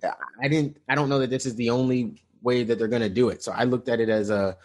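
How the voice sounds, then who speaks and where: A man's voice: medium pitch, fairly even intonation, fast, a little mellow. Guy rambling on a podcast about a movie, lots of restarts, ordinary middle voice. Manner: rambling, many restarts and fillers. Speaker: podcast co-host. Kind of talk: casual movie review chat.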